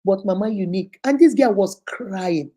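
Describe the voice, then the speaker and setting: A middle-aged Nigerian woman with a medium-pitched voice hosts a relationship advice talk at a moderate pace. She tells a listener's story in a casual, animated way, acting out what people said.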